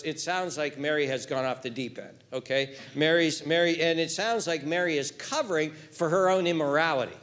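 Emphatic preacher, man with a higher voice. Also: fairly bright tone. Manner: emphatic, repeats words for stress. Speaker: pastor. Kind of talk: expository sermon.

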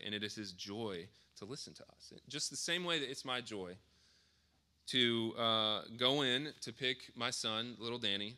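Preaching to his congregation, this man in his thirties keeps it casual, full of fillers and self-corrections as he rephrases his points. He's a pastor giving a sermon, his medium-pitched voice very bright and forward.

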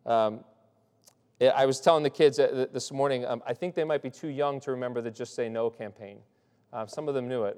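A man's voice: mid-range voice, a little mellow. Man preaching in a reverberant hall. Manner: loose, restarts often, asks "right?". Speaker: pastor. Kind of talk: conversational sermon.

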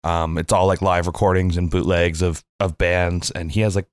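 A man co-hosting a podcast, cracking deadpan jokes in casual chat. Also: deep voice, moderate pace, dry recording, clean studio sound. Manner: wisecracking, deadpan quips. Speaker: podcast co-host.

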